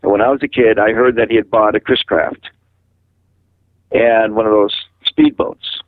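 An older man from Massachusetts, a radio guest telling a rambling personal story in a halting way, often repeating words. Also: fairly low pitch, little pitch movement, no echo. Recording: tinny phone line on radio.

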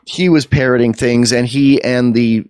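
A man's voice: medium pitch, steady tone, moderate pace, a little mellow, smooth, dry recording. A man co-hosting a podcast, talking in a rambling, opinionated way with many restarts. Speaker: podcast co-host. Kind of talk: casual podcast chat.

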